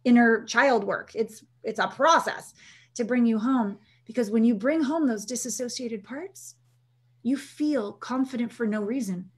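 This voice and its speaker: A woman's voice: fairly high pitch, measured pace, breathy edge. A woman intimacy coach, telling stories as a guest in a conversational interview and acting out the lines of the people in them. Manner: animated storyteller, acts out quotes.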